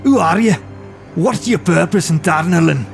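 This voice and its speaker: A man voicing a gruff, loud knight commander who barks his questions and orders. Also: sits high, normal speed, faint music behind, pitched above the performer's own voice. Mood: demanding. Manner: barking, commanding.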